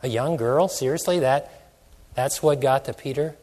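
A man's voice: mid-range voice, normal speed, a little mellow. A man preaching a sermon, asking many questions and stretching out phrases for emphasis. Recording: long hall reverb.

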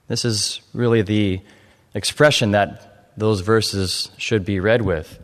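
A man preaching a sermon on a psalm, measured at first and building to fervent emphasis. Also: fairly low pitch, steady tone. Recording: long hall reverb.

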